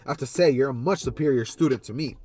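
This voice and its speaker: A man's voice: medium pitch, fast talker, warm tone, close to an everyday voice. A man voicing a formal, earnest teenage student who speaks in a proper, praising way.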